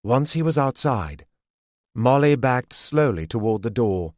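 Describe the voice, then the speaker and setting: A man reading a fantasy audiobook as scripted narration, in a measured, deliberate way. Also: mid-range voice, expressive, a little mellow, no echo, studio quality.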